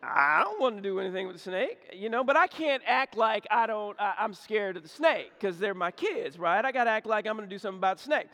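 High-voiced preacher in an echoey hall. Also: male voice, fast talker, hardly any pauses. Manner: folksy, animated storytelling, repeats words. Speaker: pastor. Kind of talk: sermon with storytelling.

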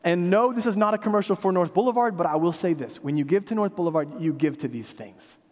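Pastor, male, 30s; light high voice, chatty sermon delivery with self-mocking humor, church hall with long echo. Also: fast, darkish tone. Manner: conversational storytelling preacher, self-deprecating humor. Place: church sanctuary.

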